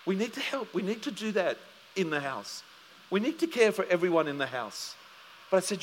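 A man's voice: sits high, sing-song, fairly quick, a bit bright, in a large hall, slight background noise. A man preaching a sermon as pastor, telling stories animatedly and acting out both sides of a conversation.

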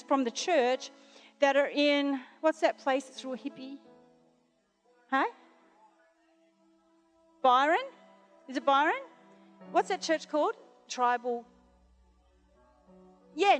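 A middle-aged woman preaching, telling personal stories in a chatty way full of "you know" and restarts. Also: high-pitched. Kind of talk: sermon with personal anecdotes.

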